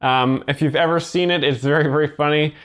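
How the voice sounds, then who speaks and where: Slow, halting man explaining jokes. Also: on the high side, fairly even intonation, fairly bright tone. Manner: slow, halting, literal-minded. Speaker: joke explainer. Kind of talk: deadpan commentary.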